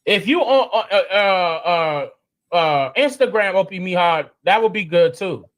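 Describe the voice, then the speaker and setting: A man with a notably high speaking voice hosts a casual live stream. He talks in loose slang, stumbling and restarting, and often leaps up into excited, incredulous exclamations. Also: unhurried.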